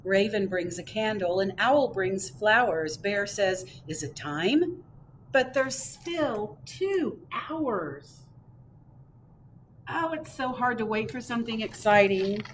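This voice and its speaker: A woman librarian reading picture books aloud at storytime, expressive, with chatty asides in a public library. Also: medium pitch, takes it slowly, slight background noise, low-quality recording. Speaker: children's librarian. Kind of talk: picture book read-aloud.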